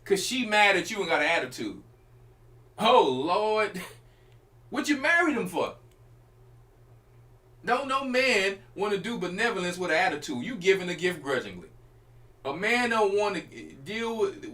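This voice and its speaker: A high-voiced man preaching as a church elder, his pitch swinging widely as he drives his points home. His tone is bright and forceful, and he talks to the congregation directly in a loose, conversational sermon style. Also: sing-song, moderate pace. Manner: emphatic, colloquial preaching with direct address to listeners. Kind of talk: informal sermon teaching.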